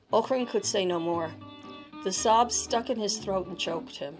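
Woman narrating a storybook, expressive. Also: mid-range voice, a little slow, over music.

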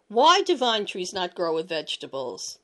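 A woman's voice: on the low side, wildly swooping pitch, normal speed, a bit bright. A woman voicing a frightened, mischievous little boy in a storybook reading, plaintive and full of questions. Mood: asking.

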